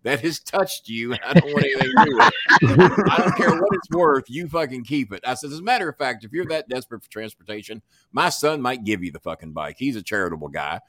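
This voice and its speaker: A man's voice: mid-range voice, big pitch swings, fast, few pauses, fairly bright tone. Profane man spinning a wild story. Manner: profane, acts out dialogue in voices. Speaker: podcast guest. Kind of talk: animated storytelling.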